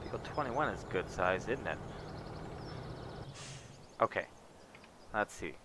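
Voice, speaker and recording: A man's voice: lowish voice, lively intonation, measured pace. A man streaming a farming game, muttering wry casual commentary to himself as he plays. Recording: noisy background.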